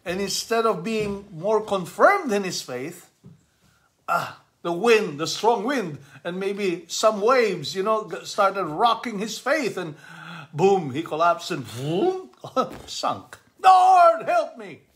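A middle-aged man, a father, giving a casual commentary on a gospel passage to his family, halting with many fillers and easy chuckles, and asking animated questions. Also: high voice. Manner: reads scripture aloud, then explains with animated questions.

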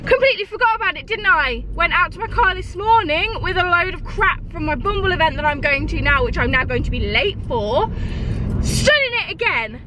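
A young woman talking casually to camera in a vlog, chatty and expressive, often exasperated. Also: extremely high pitch, a little fast, hardly any pauses, background noise. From United Kingdom. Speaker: lifestyle vlogger.

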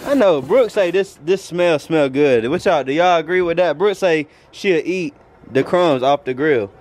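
A man's voice: on the high side, moderate pace, a little mellow. A young man hosting a casual couple vlog while grilling outdoors, teasing and laughing a lot, with slangy talk. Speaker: vlog host.

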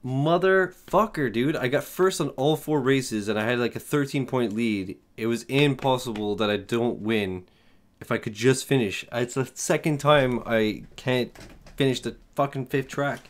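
A young man giving casual, excitable gameplay commentary, swearing and laughing often as he plays. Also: mid-range voice, normal speed. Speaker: gaming streamer. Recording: loud game music behind the voice. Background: game music.

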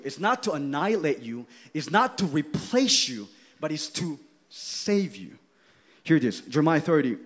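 A middle-aged man preaching a sermon with passion, rising to shouts at his peaks. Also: fairly high pitch.

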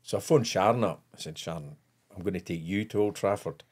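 An older Scottish man spins a long anecdote in relaxed podcast conversation. His voice sits low, and he breaks into laughter as he goes. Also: brisk, husky. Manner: animated anecdote telling with frequent laughter. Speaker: guest comedian. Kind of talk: casual podcast chat, storytelling.

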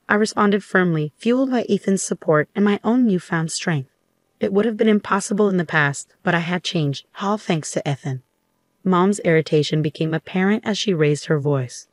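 A woman reading a first-person story aloud as narrator in a steady, even way. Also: fairly low pitch, moderate pace, no room sound, studio quality.

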